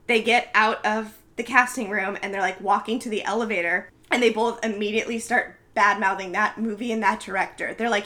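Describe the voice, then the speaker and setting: Woman, casual storyteller, bright tone, chatty and animated, acts out quotes. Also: mid-range voice, brisk. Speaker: podcast co-host recapping a film. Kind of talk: casual chat.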